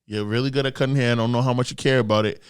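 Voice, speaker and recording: A man, a guest comedian, telling a story on a podcast in a loud, animated way full of profane slang. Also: mid-range voice, rapid-fire, smooth.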